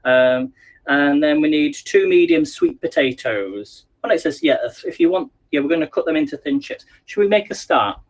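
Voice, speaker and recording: Cooking live in his home kitchen, an English man chats and rambles to viewers on a casual stream. His voice is a little high, and the audio from a phone on a selfie stick sounds dull.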